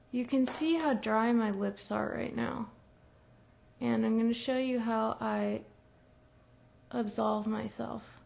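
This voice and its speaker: Chatty woman with a gravelly edge. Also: fairly high pitch, a little mellow. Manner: chatty, rambling, restarts phrases. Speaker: beauty brand host demonstrating makeup. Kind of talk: casual makeup tutorial.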